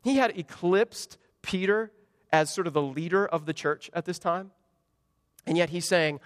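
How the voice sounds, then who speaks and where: High-voiced emphatic male preacher. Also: moderate pace. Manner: emphatic, rhetorical questions, acts out quotes. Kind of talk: sermon. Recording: dry close mic with long hall reverb.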